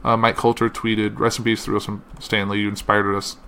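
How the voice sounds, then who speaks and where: A man's voice: fairly low pitch, flat delivery, bright, forceful tone, clear, resonant tone. A man hosting a podcast, reading a tribute and quoted messages aloud, with slips and uh fillers. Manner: reads slowly with uh fillers and slips. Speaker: podcast host.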